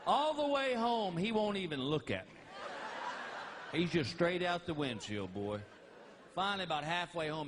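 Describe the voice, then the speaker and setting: Animated man doing stand-up. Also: high voice, moderate pace, pauses often. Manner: animated, drawling storyteller acting out characters. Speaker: stand-up comedian. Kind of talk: stand-up storytelling. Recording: noisy live comedy recording.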